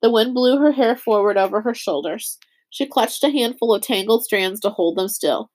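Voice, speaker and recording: A woman narrating a children's novel audiobook in a steady, measured storytelling voice. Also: a little high. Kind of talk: scripted narration.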